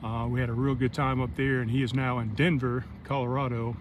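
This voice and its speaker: A man's voice: mid-range voice, brisk. A middle-aged man chatting casually and rambling through an update while out on a walking trail, speaking into an earbud mic. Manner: relaxed, rambling, friendly. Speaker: vlogger. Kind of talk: casual chat. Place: outdoors on a walking trail at sunset. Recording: outdoor traffic noise. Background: traffic noise.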